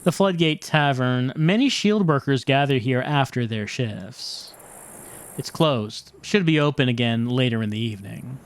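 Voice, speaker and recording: A streamer reading game text aloud while playing, with an unhurried, playful narration. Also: medium pitch, slight background noise. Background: faint game music.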